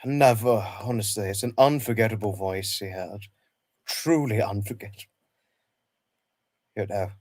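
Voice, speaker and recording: Guy on a livestream rambling and repeating himself, halting, dry close sound. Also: fairly low pitch, darkish tone, no room sound. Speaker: livestream host. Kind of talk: casual livestream reminiscing.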